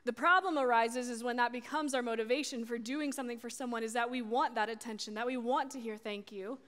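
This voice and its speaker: A young woman speaks in a high, lively voice, telling a story from her own life as part of a sermon. She acts out the back-and-forth with her family, then turns it to her listeners. A long reverb trails her words, as in a large hall. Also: a little fast. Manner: animated storytelling, acting out family dialogue. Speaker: youth speaker.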